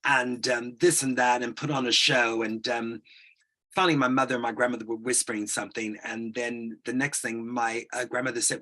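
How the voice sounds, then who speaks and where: A man in his sixties, a guest telling a long personal story, animated and acting out the voices in it. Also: medium pitch, normal speed. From United States. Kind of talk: anecdotal storytelling.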